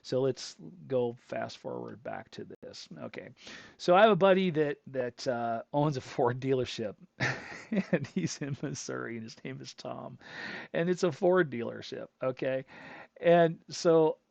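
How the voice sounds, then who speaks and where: A man's voice: mid-range voice, sing-song, unhurried, creaky, darkish tone, dry recording. A middle-aged man hosting a show, telling a long personal story in a casual, rambling way that circles back on itself. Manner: rambling, chatty, self-interrupting storyteller. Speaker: host. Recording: dull lo-fi dry recording.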